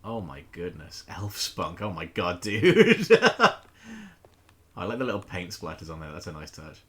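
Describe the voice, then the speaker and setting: A man's voice: sits low, very animated, a little slow, a little hiss or hum. A man chatting casually with his viewers during a live gameplay stream, playful and jokey, with casual swearing. He greets chat and reacts to the game as he plays.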